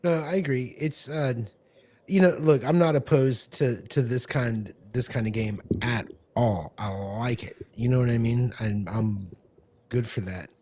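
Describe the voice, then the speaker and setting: A man's voice: medium pitch, unhurried, mellow. A man co-hosting a casual podcast as game master, rambling with many restarts. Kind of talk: casual chat.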